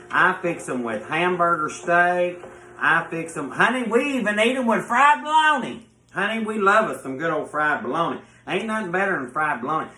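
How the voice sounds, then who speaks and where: Effusive Southern man, bright and high. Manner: folksy, effusive, calls viewers honey. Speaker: cooking show host. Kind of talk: home cooking show presenting. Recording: echoey room.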